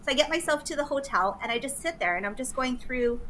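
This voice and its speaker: A middle-aged woman from Canada telling a story casually, animated and laughing often, with some swearing. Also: sits high, fast, slight background noise, poor audio. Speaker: guest.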